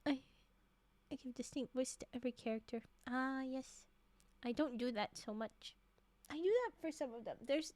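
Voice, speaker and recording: Chatty soft-spoken woman, high voice. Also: no echo. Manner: chatty and rambling, with frequent laughs and filler words; soft-spoken, drifting into quiet murmurs. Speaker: streamer. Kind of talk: casual chat with stream viewers.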